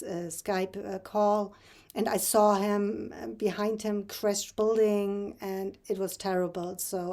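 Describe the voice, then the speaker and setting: Woman telling a halting faith story. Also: medium pitch, mellow. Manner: halting, with many fillers and restarts; earnest, emotional storytelling. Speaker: Christian vlogger. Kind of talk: personal faith testimony.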